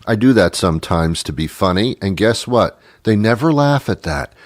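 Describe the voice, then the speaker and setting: A man's voice: lowish voice, lively intonation, normal speed, no room sound. Middle-aged guy host riffing a comedy bit, dry close sound, rambly and wry. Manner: rambling, self-interrupting, wry. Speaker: radio show host. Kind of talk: comedic monologue.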